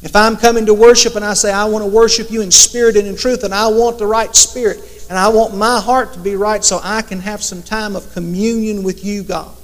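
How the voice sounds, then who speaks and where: A man's voice: high-pitched, steady tone, brisk, hardly any pauses. A man preaching a sermon in a conversational way, now and then acting out imagined prayers to God. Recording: long hall reverb.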